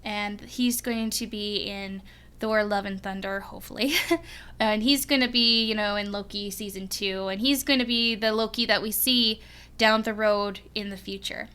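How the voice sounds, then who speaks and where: A young woman reacting to a series as a fan, rambling excitedly with lots of giggles and restarts. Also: medium pitch, moderate pace, clear, resonant tone. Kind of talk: casual rambling reaction vlog.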